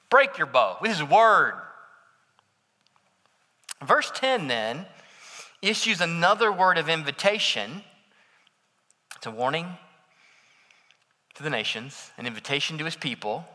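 Guy preaching a sermon, high lively voice, goes bold then almost whispers, big reverby hall. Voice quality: dramatic shifts between loud declaration and soft near-whisper. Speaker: pastor.

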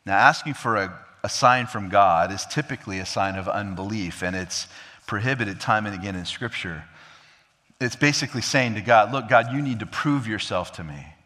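A man preaching an expository sermon, swinging from emphatic high peaks to low, quiet drops and acting out quoted dialogue. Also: normal speed, big-room sound. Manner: acts out quoted dialogue of God and king. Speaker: pastor.

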